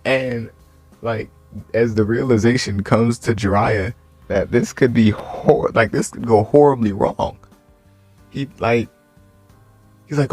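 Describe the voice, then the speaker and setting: A man's voice: medium pitch, slow, long pauses, a little mellow, no room sound. A young man casually retelling an anime what-if story, rambling with lots of fillers. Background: faint music.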